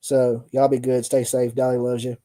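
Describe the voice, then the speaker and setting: Tired, mellow-voiced live-stream host. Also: male voice, medium pitch, flat delivery, normal speed. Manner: loose, colloquial, laughing storyteller. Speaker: livestream host. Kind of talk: casual live-stream chat.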